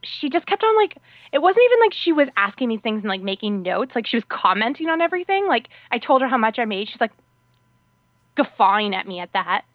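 A woman co-hosting a podcast, telling a story in a casual, animated way, filling her speech with "like" and acting out what people said. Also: on the high side, a little fast, no echo. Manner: animated, peppers speech with "like", acts out quotes. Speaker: podcast co-host. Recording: tinny phone-like dry sound.

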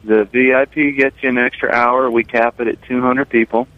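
A man's voice: medium pitch, little pitch movement, moderate pace, dry recording. Enthusiastic brewery owner, male, calling in, tinny phone line, dry sound, rambling with fillers. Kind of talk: casual phone interview. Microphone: telephone.

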